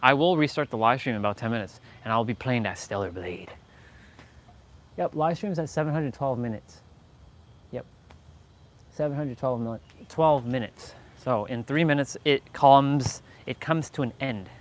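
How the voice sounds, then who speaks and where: A man's voice: mid-range voice, normal speed. A man chatting casually on his live stream, hyped and boastful, repeating his phrases. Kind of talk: casual livestream chat.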